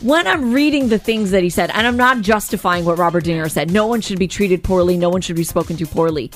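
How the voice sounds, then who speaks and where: A woman's voice: lowish voice, fast talker, faint music behind. A woman co-hosting a morning radio show, chatting in a casual, opinionated way and laughing easily. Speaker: radio co-host.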